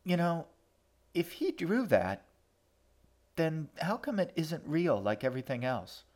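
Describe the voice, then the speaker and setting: A man's voice: on the high side, very animated, a little slow, a little mellow, pitched above the performer's own voice. A man voicing a blunt, impatient young girl in audiobook narration. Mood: demanding. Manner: impatient, demanding.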